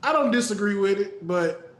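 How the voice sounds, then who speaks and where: A man playing a tabletop game, talking in a quick, offhand way. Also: sits high, animated. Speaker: player. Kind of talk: casual banter at a game table. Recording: echoey room with clear background noise.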